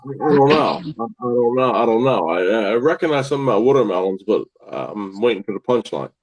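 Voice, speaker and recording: A man co-hosting a podcast, answering in short, halting, hesitant bursts of casual banter. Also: mid-range voice, expressive, no echo, lo-fi sound. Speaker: podcast co-host.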